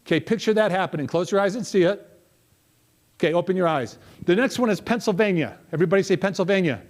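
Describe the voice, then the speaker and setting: A middle-aged man giving a lively motivational talk, coaxing his audience through memory exercises. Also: sits high, quick pace. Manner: energetic, coaxing audience participation. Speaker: motivational speaker. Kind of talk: interactive memory workshop talk.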